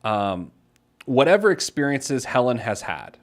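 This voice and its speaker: A man's voice: mid-range voice, big pitch swings, measured pace. A man in his thirties hosting a casual financial advice radio show, self-deprecating, reading listener letters aloud.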